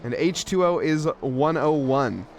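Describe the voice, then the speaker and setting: A man's voice: a little high, unhurried, a little hiss or hum. Joking male sim racing commentator. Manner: joking, bantering with chat. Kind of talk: live play-by-play commentary.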